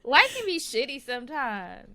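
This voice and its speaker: Southern lady cohosting a podcast, bright sharp voice, kinda high, blunt and cussing. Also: sing-song, normal speed. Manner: blunt, laughs often, swears freely. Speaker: co-host. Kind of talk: casual podcast chat.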